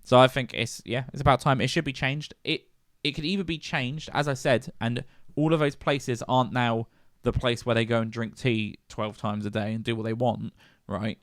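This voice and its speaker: A man's voice: mid-range voice, steady tone, normal speed, hardly any pauses, fairly bright tone, no room sound, studio quality. Opinionated man ranting on a podcast. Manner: opinionated, ranting, laughs often. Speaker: podcast co-host. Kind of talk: casual chat.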